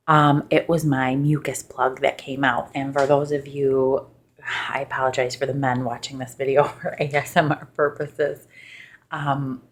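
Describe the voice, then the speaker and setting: A young woman who runs an ASMR channel casually tells a personal story in a loosely ASMR style. She's chatty and laughs a lot, jumping into high, excited voices whenever she quotes people.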